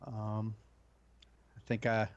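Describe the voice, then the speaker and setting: A man's voice: fairly low pitch, monotone, slow pace, dry recording, muffled recording. A man playing a tabletop game, chatty and asking rules questions. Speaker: player. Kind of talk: casual chat during a tabletop game.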